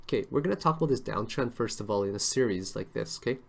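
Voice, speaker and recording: Fast-talking and animated, with a fairly low, creaky voice, a male crypto trading analyst runs a casual chart lesson on a live stream. He chats freely and keeps checking in with viewers by saying "right?" and "okay?".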